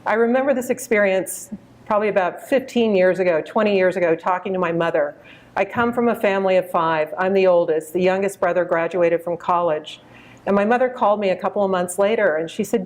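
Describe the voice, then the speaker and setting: A woman's voice: mid-range voice, a little mellow. Woman in her fifties giving a keynote. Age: 50s. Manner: measured, storytelling, addresses audience directly. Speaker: keynote speaker. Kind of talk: conference keynote.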